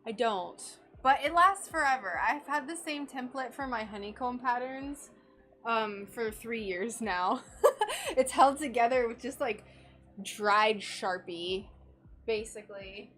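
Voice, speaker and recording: Working in her Florida home workshop, a craft livestreamer with a highish, slightly bright voice talks unhurriedly, with a little hiss or hum in the audio. She's chatty and giggly, laughing frequently as she goes through viewers' comments.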